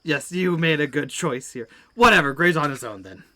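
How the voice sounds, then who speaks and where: A player in a tabletop game, animated and laughing between lines. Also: mid-range voice, normal speed, crowd noise. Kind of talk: in-character tabletop play.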